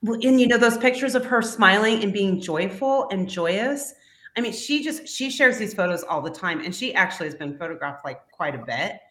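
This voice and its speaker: A woman's voice: mid-range voice, expressive, normal speed, fairly bright tone. Bubbly woman student, roomy call audio. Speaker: photography student.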